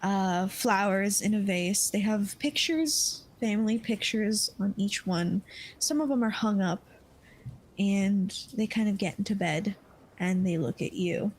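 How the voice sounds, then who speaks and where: A woman running a tabletop game as game master, speaking slowly and unhurriedly. She hesitates often with fillers while describing scenes. Her pitch is an ordinary middle range.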